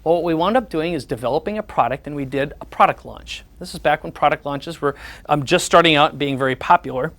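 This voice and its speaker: During a sales presentation, a man tells personal stories and acts out the conversations in them, repeating what other people said. He talks fast, with a fairly high pitch and a fairly bright tone.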